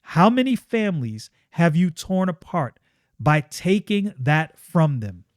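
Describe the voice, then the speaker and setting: Stern middle-aged ranch wife defending her home, measured and cold, read by a man in a slightly high voice. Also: sing-song, dry recording, studio quality.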